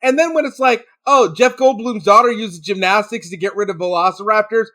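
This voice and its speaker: A man co-hosting a podcast, telling stories in an animated, indignant way during casual chat. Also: sits high, fairly quick. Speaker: podcast co-host.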